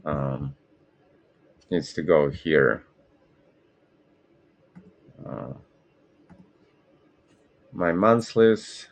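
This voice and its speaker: Male host, very low and gravelly, slow rambling live commentary, keeps correcting himself. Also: animated. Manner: rambling, self-correcting, apologetic. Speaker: trading stream host. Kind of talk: casual live market commentary.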